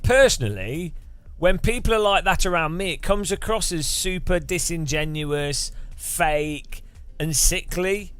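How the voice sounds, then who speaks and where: A man's voice: fairly high pitch, animated, measured pace, fairly bright tone, clear, resonant tone, faint music behind. A man chatting casually on a live stream, rambling and musing with frequent restarts.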